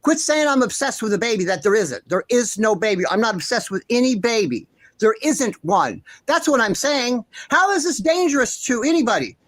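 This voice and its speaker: A man hosts a ranting commentary vlog, speaking with heated, indignant passion and liberal swearing. His voice swings widely in pitch as he hammers the same points again and again. The sound is dry and close, with no room echo. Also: sing-song, normal speed, a bit bright. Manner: repeats himself insistently. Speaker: commentary channel host.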